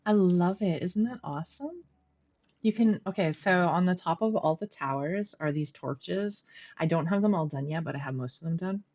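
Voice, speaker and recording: Low-voiced chatty woman game streamer. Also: moderate pace, a little mellow, lo-fi sound. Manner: chatty, laughs often, self-deprecating. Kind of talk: casual gameplay commentary. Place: at home.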